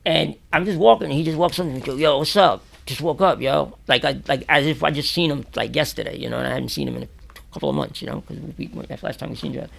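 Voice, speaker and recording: A New York man talks very fast in a creaky, mid-range voice, with a little hiss or hum in the background. He is an interview guest in a radio or podcast studio, casually spinning prison stories, swearing without restraint and loudly acting out people's words.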